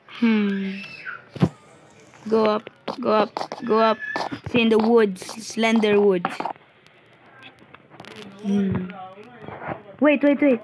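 A woman giving playful live commentary while gaming, chatty and joking, who bursts into panicked shouting. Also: mid-range voice, very slow, pauses often, background noise. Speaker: gamer.

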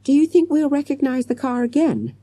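A woman's voice: sits high, sing-song, brisk, dark tone, no room sound, pitched above the performer's own voice. Woman voicing a hesitant, doubtful schoolboy.

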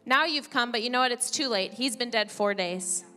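Woman pastor preaching in a church, a bit high-pitched, long hall echo and soft music under. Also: normal speed. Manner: conversational preaching, reads scripture aloud. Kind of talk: sermon. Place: church sanctuary.

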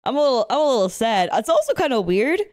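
Young woman chatting on her reaction channel, kinda high voice that bounces around a lot, laughs and swears constantly. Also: quick pace. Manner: animated, laughs often, swears freely. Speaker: anime reaction channel host. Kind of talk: casual reaction chat and storytelling.

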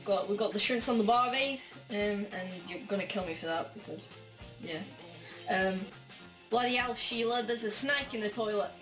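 A man's voice: high voice, normal speed, sharp tone, soft background music, rough recording. A young man putting on a hammy, jokey mock Australian accent for a laugh. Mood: joking. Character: young man faking a broad Australian drawl.

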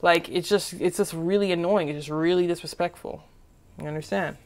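Chatty woman reading tarot, low voice. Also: fairly even intonation, brisk, a little mellow. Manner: rambling, repeats herself with many fillers; chatty and informal, with "okay?" checks. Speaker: tarot reader.

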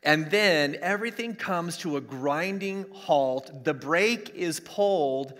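Streamed from his church, this sermon comes from a middle-aged man whose voice is a little high and fairly bright, delivered slowly. He hammers points by repeating key lines emphatically, with long hall reverb around him.

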